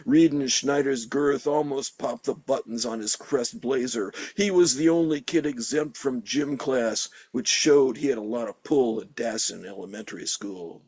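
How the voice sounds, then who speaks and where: Husky-voiced man reading a story. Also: lowish voice, normal speed, hardly any pauses, a little mellow, dry recording. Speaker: reader. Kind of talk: reading fiction aloud.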